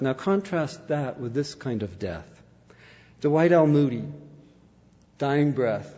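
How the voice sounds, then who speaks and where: A man with a fairly high voice delivers an impassioned sermon in a church. He swings from ringing declarations down to hushed, intense asides. The recording is muffled and lo-fi, with a long reverb tail from the hall. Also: animated, measured pace. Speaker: preacher.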